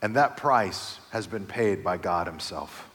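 A middle-aged man preaching a sermon as pastor, telling a family story, moving between quiet, low passages and loud, animated stretches. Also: unhurried. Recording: long reverb of a large hall.

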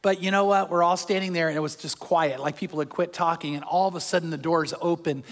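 An older man preaching a sermon as a pastor, conversational and animated, chuckling as he goes. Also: a little high, fast. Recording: long hall reverb.

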